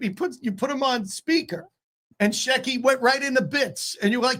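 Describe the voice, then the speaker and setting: A man who is a comedian guest on a podcast, telling a story in a relaxed, conversational way with repeated setups. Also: extremely high pitch, fairly quick. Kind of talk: casual storytelling chat.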